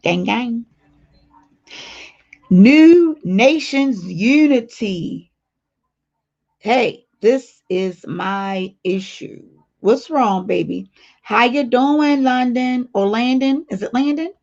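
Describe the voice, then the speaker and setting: A woman's voice: a little high, takes it slowly, gravelly, darkish tone. A woman hosting a casual livestream, reading viewer comments aloud and talking straight to her viewers in a blunt, playful way. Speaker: livestream host. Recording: dull lo-fi stream audio.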